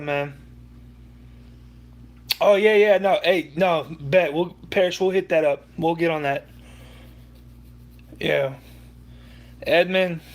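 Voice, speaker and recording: Young guy w/ a high voice ranting on his sports stream, swearing, restarting sentences. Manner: heated, profane, rambling with restarts. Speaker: livestream host. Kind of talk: sports rant livestream.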